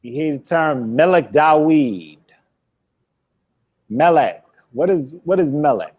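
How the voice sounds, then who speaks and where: A male teacher runs a relaxed classroom lesson, repeating each new word several times and quizzing his student with a laugh. His voice rises and falls a great deal, sits a bit high for a man, and moves at an unhurried pace. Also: husky. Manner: repeats words slowly for drilling. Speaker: Hebrew teacher.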